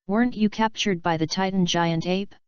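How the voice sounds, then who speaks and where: Woman reading a careful middle-aged teacher guy, measured talk, smooth voice, dull lo-fi sound. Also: medium pitch, fairly even intonation, darkish tone, no echo, natural voice. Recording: dull lo-fi recording.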